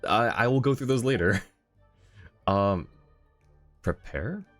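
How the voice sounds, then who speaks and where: Low-voiced man chatting on a stream. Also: expressive, slow, faint music behind. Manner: effusive, thanks viewers, laughs often. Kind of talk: casual live-stream chat while gaming.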